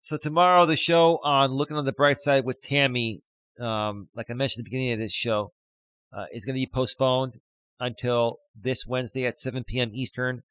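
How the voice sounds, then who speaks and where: A man's voice: mid-range voice, level tone, brisk, fairly bright tone, smooth, no echo, poor audio. A middle-aged man hosting a live stream as a life coach, chatting casually and reading viewer comments aloud with lots of fillers. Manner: rambling, reads chat comments aloud, frequent fillers.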